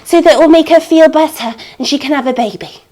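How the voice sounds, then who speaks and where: Terrified, timid storybook man, high and whimpering, as a woman puts him on. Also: fast, warm tone, close to an everyday voice. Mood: pleading.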